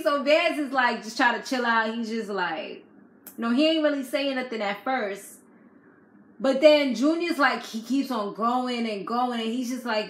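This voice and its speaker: Woman, fairly high voice, animated slangy recap, casual monologue, echoey room. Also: a little slow. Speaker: reality TV recap vlogger.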